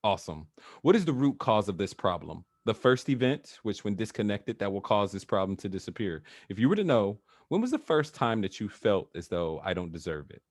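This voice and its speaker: A man's voice: lowish voice, big pitch swings, a little fast, no room sound, clean studio sound. A man working as a coach who talks in a casual, chatty way, with filler words and frequent laughs, over a video call. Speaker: NLP trainer, guest.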